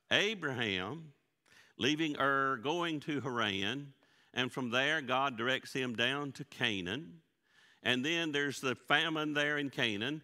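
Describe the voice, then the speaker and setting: Heard with the lengthy echo of a church hall, this man's medium-pitched, sharp-toned voice leads a Bible study in the sanctuary. As pastor, he teaches in a folksy way and regularly poses questions to his congregation.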